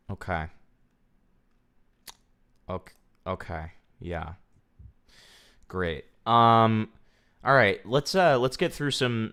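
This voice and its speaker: A man's voice: fairly low pitch, fairly bright tone, clean tone. A young man streaming casually, telling a profane, ranting story to his chat.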